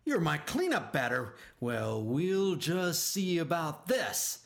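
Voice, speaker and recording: A man voicing a tough, gruff male insect coach in a storybook, grumbling and shouting orders. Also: a little high, expressive, measured pace. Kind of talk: storybook reading.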